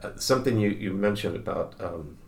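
An older man, a grandfather, telling stories in conversation, halting and repeating words, acting out the people in them. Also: on the low side, a little mellow, reverberant, a little hiss or hum. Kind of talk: conversational storytelling.

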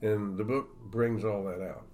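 A man, an author and guest, chatting casually and reading from his book in a folksy way, often clearing his throat. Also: lowish voice, steady tone, normal speed, a little mellow.

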